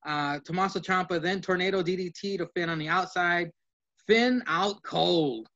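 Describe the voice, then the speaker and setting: A man co-hosting a casual podcast, reading through his notes in quick play-by-play and swearing now and then. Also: sits high, a bit bright. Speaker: podcast co-host. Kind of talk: casual wrestling recap from notes. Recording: dull lo-fi sound.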